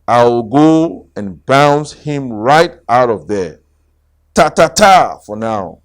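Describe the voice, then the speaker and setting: A man voicing a cheerful, boisterous male tiger in a children's storybook reading, loud and exuberant. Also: mid-range voice, lively intonation, slow. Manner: exuberant, shouting greetings.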